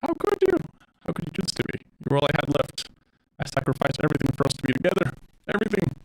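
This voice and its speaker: A man's voice: fairly high pitch, wildly swooping pitch, racing, low-quality recording. A man voicing a young female game character who is heartbroken and clingy, pleading and accusing.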